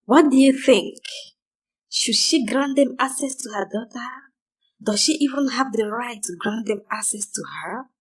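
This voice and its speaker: A woman host closes a story video, addressing viewers directly. Her voice is husky and fairly high. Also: measured pace, poor audio. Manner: direct, inviting the audience. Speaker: channel host. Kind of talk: video outro.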